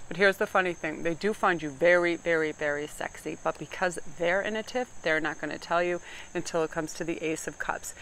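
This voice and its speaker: A woman's voice: fairly low pitch, a little fast, fairly bright tone, slight background noise, low-quality recording. A woman giving a chatty tarot reading to camera, joking and laughing often as she talks. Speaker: tarot card reader. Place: outdoors. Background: faint crickets and insects.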